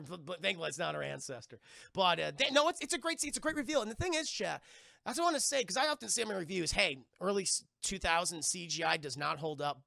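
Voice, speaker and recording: Gravelly, profane man recapping a film. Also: high-pitched, no room sound, studio quality. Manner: profane, rambling, animated retelling. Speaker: streamer reviewing a film. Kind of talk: casual film review for a live chat.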